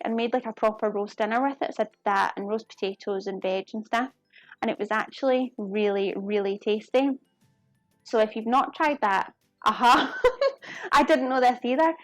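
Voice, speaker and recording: A young woman with a strong Glasgow Scottish accent, talking to her live viewers as she cooks. Her voice sits a little high, and she chats in an easy, apologetic way. Faint music plays quietly behind her. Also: dry recording. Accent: Glaswegian Scottish. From Scotland. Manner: chatty, apologetic, quick to laugh. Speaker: live cooking streamer. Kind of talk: casual live-stream chat while cooking.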